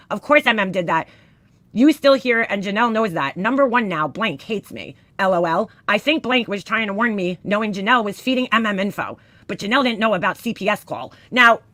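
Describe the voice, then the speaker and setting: A woman reading screenshots aloud in casual commentary, profane and exasperated, giving the quoted lines loud emphasis. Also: medium pitch, dry recording.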